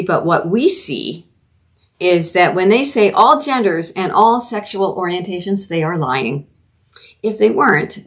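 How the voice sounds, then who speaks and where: A middle-aged woman from Canada hosting a solo commentary podcast, talking earnestly and emphatically with frequent restarts. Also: mid-range voice. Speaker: podcast host.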